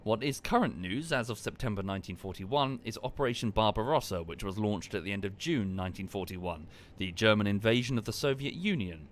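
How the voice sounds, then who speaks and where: Low-voiced man streaming a game. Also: brisk, hardly any pauses, a little hiss or hum. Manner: chatty, explains history at length in a relaxed, wry way. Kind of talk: casual live-stream commentary.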